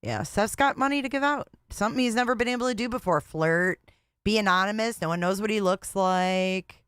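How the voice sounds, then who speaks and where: A woman's voice: medium pitch, fairly quick, a bit bright, clear, resonant tone, no room sound, clean studio sound. A woman hosting a casual livestream, talking in a blunt, repetitive and exasperated way. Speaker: livestream host.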